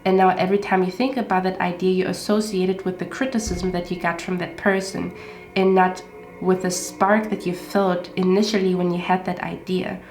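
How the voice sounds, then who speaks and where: Congested woman tarot reader, chatty, filler-heavy, echoey room with soft music under her. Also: fairly low pitch, little pitch movement, moderate pace. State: congested from a cold. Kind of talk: pick-a-card tarot reading.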